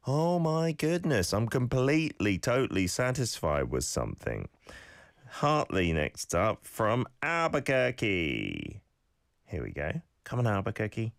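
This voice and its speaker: A man hosting a radio language lesson, encouraging listeners and modelling phrases with lively emphasis. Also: lowish voice, measured pace, gravelly, no echo, clean studio sound. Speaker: radio host teaching Korean phrases.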